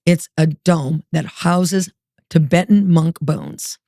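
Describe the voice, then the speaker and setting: A woman as a guest, telling her testimony in a lively, streetwise way and acting out the dialogue. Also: low voice, takes it slowly, gravelly, no room sound, clean studio sound. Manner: animated, acts out dialogue, streetwise. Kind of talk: testimony storytelling.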